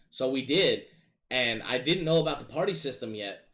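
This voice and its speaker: A man casually telling gaming stories in a profane, animated, exasperated way. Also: mid-range voice, brisk. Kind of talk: casual storytelling chat.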